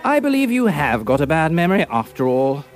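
A man acts out a keen Victorian gentleman sleuth in an audiobook drama, talking in animated upper-class banter. His pitch swoops widely from high to low, with soft music playing quietly underneath. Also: fairly quick. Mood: eager. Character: brisk Victorian gentleman detective, eager and sharp.

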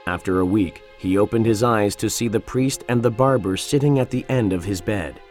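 A man narrating a storybook in a calm, measured way. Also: fairly low pitch. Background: faint music.

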